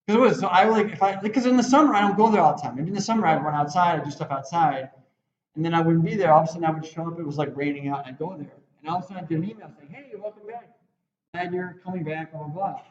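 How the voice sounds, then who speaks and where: Teaching a web design class, this man rambles through asides and acts out quoted lines in a voice that sits high for a man. It's a classroom lecture, recorded in a roomy space with a slightly muffled sound.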